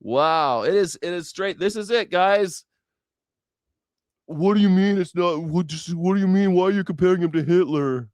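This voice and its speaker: A man's voice: sits high, moderate pace, a little mellow, no echo, studio quality. A young man hosting a news reaction show, sarcastic and mocking, with lots of swearing. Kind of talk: profane sarcastic commentary.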